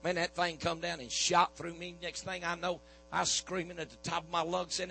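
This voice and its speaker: A preacher man with a husky, bright edge tells a healing testimony in folksy, repetitive storytelling. A faint mains hum sits under his voice, and his pitch sits a bit above the usual for a man. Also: little pitch movement, fairly quick, no room sound, soft background music, low-quality recording. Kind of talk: sermon testimony.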